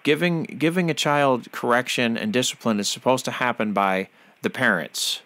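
A man's voice: mid-range voice, moderate pace, fairly bright tone. A man hosting a podcast interview, who talks in a fervent, preachy way and often uses religious phrases. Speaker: podcast host.

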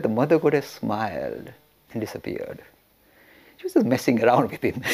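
A man teaching religious history by storytelling, animated and laughing, often restarting his sentences. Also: mid-range voice, breathy edge. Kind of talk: storytelling lecture.

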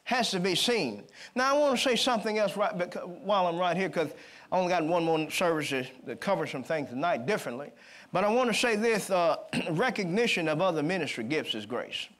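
A man preaching a sermon at a church service, calling for amens and slipping into quick conversational storytelling. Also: high voice, expressive, fairly bright tone. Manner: rising to emphatic call-and-response, then quick conversational storytelling.

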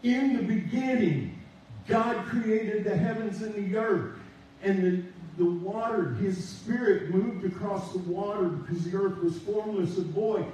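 A man preaching a sermon, drawing out his emphasis and pausing for responses from the congregation. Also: high-pitched, warm tone, a little hiss or hum. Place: church sanctuary. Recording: echoey church from a distance.

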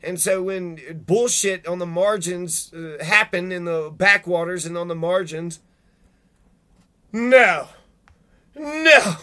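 A man giving an angry monologue, swearing heavily and breaking into loud outbursts. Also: high voice, steady tone, a little slow, hardly any pauses, clear, resonant tone. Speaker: video blogger reading legal rules. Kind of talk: profane ranting monologue.

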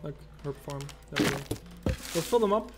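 A man's voice: a little high, lively intonation, normal speed, noisy background. A man casually commenting on his own gameplay as a let's play host, rambling and talking to himself and to the game. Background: loud game music.

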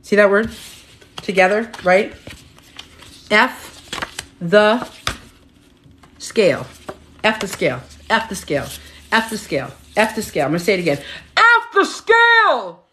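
A woman's voice: medium pitch, unhurried, long pauses, a bit bright, slight background noise. Middle-aged woman, live coach, punchy and repetitive, casual swearing. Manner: emphatic, repetitive, chatty, swears freely. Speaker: health and weight-loss coach. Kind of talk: motivational live stream talk.

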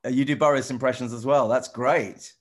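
A middle-aged man chatting casually with children over a video call, rambling and halting with lots of restarts. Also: medium pitch, steady tone. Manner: rambling, halting, full of restarts and "you know". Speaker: celebrity guest answering children's questions. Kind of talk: casual friendly chat with children.

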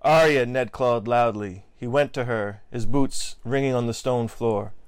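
A man's voice: mid-range voice, fairly even intonation, measured pace, darkish tone, clear, resonant tone, dry recording. A man co-hosting a casual book discussion, analyzing the story and reading passages aloud, often checking in with "right?".

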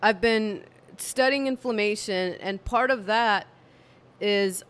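A woman vlogging at home, talking to camera in a tired, low-energy, monotone way. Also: slow pace. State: fatigued. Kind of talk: casual talk to camera. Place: home room with candle and cats.

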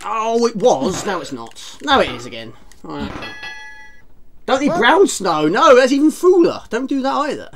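Playing a retro game on stream, a woman with a slightly high, sing-song voice chats at a moderate pace. She teases herself and reads out chat to greet her viewers.

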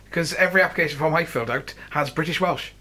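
A man's voice: on the high side, rapid-fire, bright, forceful tone. A man co-hosting a let's play, teasing and bantering in casual gaming chat.

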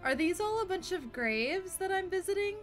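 A woman's voice: extremely high pitch, animated, moderate pace. A woman streaming a game live, thinking aloud with wonder and gasping when startled. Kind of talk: casual live gameplay reaction. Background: game music.

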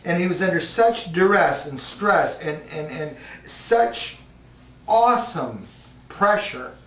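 A man's voice: high-pitched, animated, takes it slowly, a bit bright. Preacher man echoing from a distance. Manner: conversational, asks the congregation questions. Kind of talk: sermon. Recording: roomy hall from a distance.

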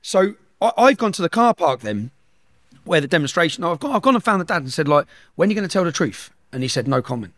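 A man's voice: a little high, sing-song, fast talker, fairly bright tone, no echo, studio quality. A middle-aged man, telling a story at speed in an interview and acting out the dialogue. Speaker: guest.

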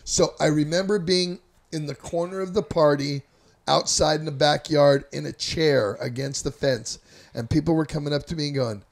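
A man's voice: fairly high pitch, normal speed, creaky. A man from Northern California telling a loose, rambling, profane story in a casual chat. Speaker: storyteller guest.

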